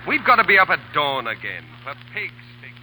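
An actor playing a wry, sardonic British cavalry officer with a dry drawl, in 1940s radio acting style. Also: male voice, on the high side, big pitch swings, brisk, sharp tone, a little hiss or hum, full character voice, poor audio.

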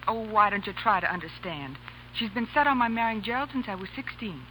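A woman's voice: medium pitch, brisk, pushed and bright, close to an everyday voice, rough recording. A woman voicing an anxious, tender young ward in a 1930s radio play, pleading. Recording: hissy old radio broadcast.

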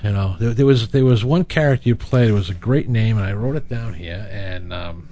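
A man interviewing a guest, halting and searching for his words. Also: on the low side, dark tone. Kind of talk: casual interview.

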